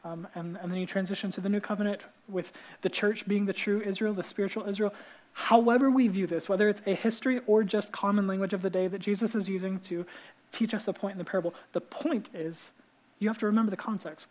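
Animated storytelling male pastor. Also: sits high, fast, rough recording. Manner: animated storytelling, acting out the characters' lines; casual, with many fillers and restarts. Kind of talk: sermon.

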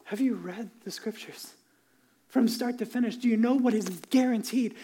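Male pastor, 30s, earnest conversational preacher, dark mellow voice. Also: very high-pitched, moderate pace, husky. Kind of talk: sermon.

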